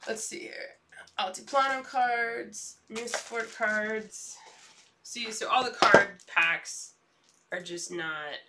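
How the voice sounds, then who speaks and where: Young woman streamer, unhurried, chatty and excitable, noisy mic. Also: medium pitch, recorded from a distance. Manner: chatty, excitable, trailing off mid-sentence. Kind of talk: casual unboxing chat.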